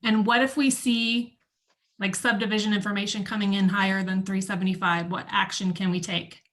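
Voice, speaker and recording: A woman's voice: medium pitch, little pitch movement, a little fast, a bit bright. A woman in a meeting who asks the presenter direct, practical questions. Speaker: agent asking questions.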